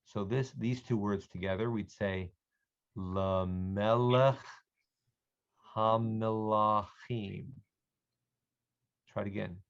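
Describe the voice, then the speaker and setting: A man teaching an online Hebrew reading lesson to adult learners, slowly and patiently sounding out words for them to repeat. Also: lowish voice, fairly even intonation, gravelly, a little mellow, highs cut off.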